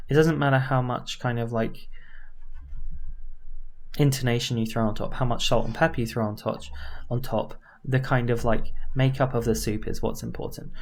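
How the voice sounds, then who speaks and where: Woman voice coach, super low voice, loose chatty lesson, lots of um and right?. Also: normal speed. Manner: relaxed and informal, with frequent fillers and tag questions; slips into demonstration voices. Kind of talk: casual voice-training lesson.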